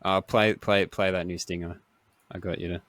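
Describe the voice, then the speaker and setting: A man's voice: sits low, normal speed, noisy background. Joking, swearing Australian young man. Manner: joking, profane, animated. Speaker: podcast co-host. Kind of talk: casual chat.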